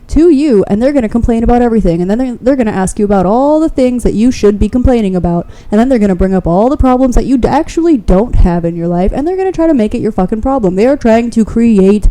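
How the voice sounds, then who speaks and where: A woman gives a pick-a-card tarot reading, speaking straight to the viewer with blunt, fervent encouragement and plenty of swearing. Her voice sits a little high, yet its tone is deeply mellow and dark. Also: expressive, fast talker, hardly any pauses.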